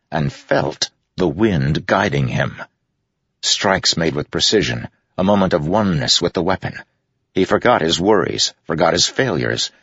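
A man narrating a fantasy audiobook in a measured, dramatic reading. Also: low-pitched, creaky, fairly bright tone, breathy edge, dry recording, dull audio. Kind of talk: scripted narration.

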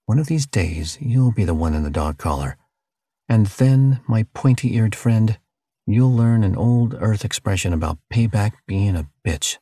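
A man's voice: lowish voice, animated, a little slow, dark tone, slightly rough, no echo, studio quality, exaggerated voice. A man reading an audiobook, voicing a sarcastic stranded human captive with wry asides.

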